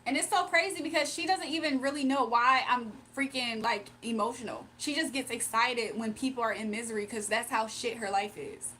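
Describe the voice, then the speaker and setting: A woman's voice: fairly high pitch, fairly even intonation, a little fast, few pauses, sharp tone, a little hiss or hum. A young woman on a livestream, reading viewer comments aloud and answering them bluntly and confrontationally. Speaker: livestreamer giving spiritual readings.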